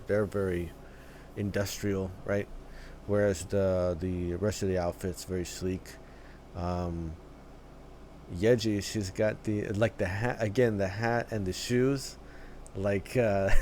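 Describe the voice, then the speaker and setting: A man hosting a reaction video, talking casually in halting phrases with many fillers and restarts, often tagging "right?" and "dude.". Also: on the low side, a little mellow, a little hiss or hum.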